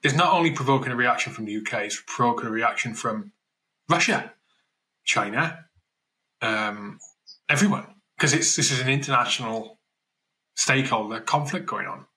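A man's voice: medium pitch, moderate pace, long pauses, bright, forceful tone, rough recording. A man co-hosting a casual current-affairs podcast, chatty and thinking aloud as he talks. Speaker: podcast co-host.

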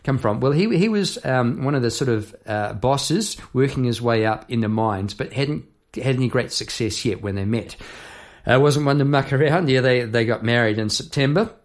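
A man's voice: mid-range voice, moderate pace. A songwriter talks through his lyrics line by line in a loose, conversational way. The man often drifts into side stories and keeps checking in with "eh?" and "yeah?". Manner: chatty and rambling, full of asides and tag questions. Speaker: songwriter hosting an episode. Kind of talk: casual explanation of song lyrics.

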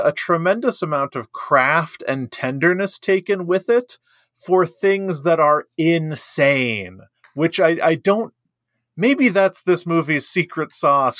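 A man's voice: on the high side, animated, a little slow, a bit bright, no room sound, clean studio sound. A man co-hosting a casual movie review chat, enthusiastic and emphatic, laughing often. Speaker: podcast co-host.

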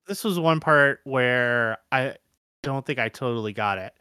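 A man's voice: mid-range voice, a little slow, bright, forceful tone, smooth, no room sound, clean studio sound. A man co-hosting a book club podcast, talking bluntly and jokingly in casual conversation.

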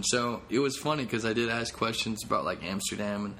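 A man's voice: lowish voice, fairly quick, hardly any pauses, pushed and bright, slight background noise. A comedian hosting his own podcast, talking in a rambling, jokey, self-deprecating way. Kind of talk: casual podcast monologue.

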